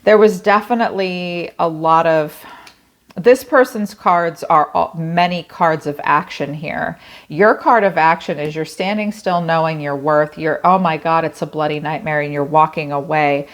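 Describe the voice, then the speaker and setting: A woman's voice: low-pitched, a little slow. A woman giving a tarot reading in a blunt, casual way, swearing freely and thinking aloud as she talks. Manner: conversational, thinking aloud with many "like" fillers. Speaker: tarot reader.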